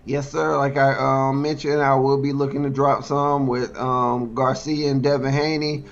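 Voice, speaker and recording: A man's voice: mid-range voice, flat delivery, normal speed, highs cut off, a little hiss or hum. A man who is a guest boxing betting analyst, chatting casually and laid-back with hesitant fillers. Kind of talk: casual chat.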